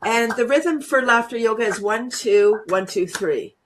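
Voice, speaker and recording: A woman's voice: on the high side, a little slow, slight background noise. A woman teaching laughter yoga as an interview guest, bubbly and laughing often as she coaches viewers through a demo over a video call. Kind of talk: guided laughter exercise demo.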